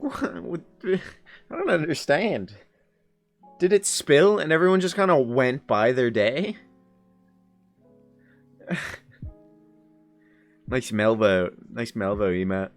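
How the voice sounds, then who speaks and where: This is a young man on a live stream, his voice fairly high and animated, with soft music playing behind him. Reacting to viewer chat, he rambles along in a playful, casual way, laughing readily and bickering in fun.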